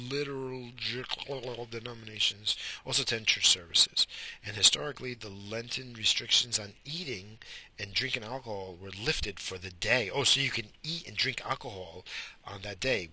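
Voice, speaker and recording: Profane ranting man, bright voice. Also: medium pitch, moderate pace, husky. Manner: sarcastic, swearing, animated ranting. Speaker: vlogger. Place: pulled over in a car.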